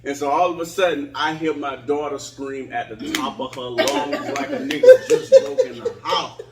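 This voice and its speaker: Man, Southern US accent, animated storyteller, roomy sound, distant mic. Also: fairly high pitch, moderate pace, a loud crowd. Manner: animated storyteller, lively quoting. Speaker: podcast co-host. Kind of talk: casual chat, storytelling. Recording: roomy, mic a bit far off.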